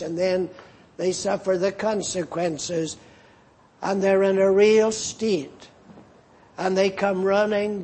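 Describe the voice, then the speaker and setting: A man preaching a sermon in a slow, earnest manner that rises as it builds. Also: high-pitched, gravelly, darkish tone, breathy edge.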